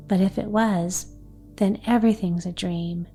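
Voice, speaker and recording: Storybook role: earnest, gentle little girl, voiced by a woman; mellow and unhurried. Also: mid-range voice, steady tone, faint music behind, close to an everyday voice.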